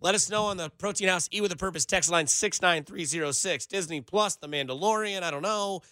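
A man's voice: high-pitched, fairly quick, bright, forceful tone, dry recording. A man hosting a casual sports talk radio show from a studio, rambling loosely with lots of filler words. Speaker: radio show producer and host. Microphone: studio microphone.

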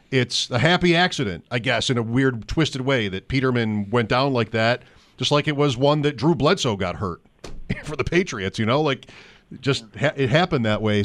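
A man hosting sports radio talk, conversational and joking with quick asides to his guest. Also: medium pitch, animated.

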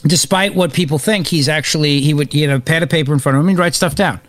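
A man's voice: fairly high pitch, fast talker, fairly bright tone, no echo. A middle-aged man hosting a talk radio show, speaking off the cuff in a rambling way with restarts and asides, on a studio microphone. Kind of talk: unscripted political talk radio monologue.

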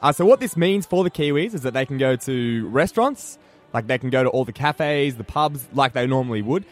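A man's voice: medium pitch, expressive, brisk. A young Australian man hosting a breakfast radio show, chatting casually with lots of fillers and restarts. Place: radio studio.

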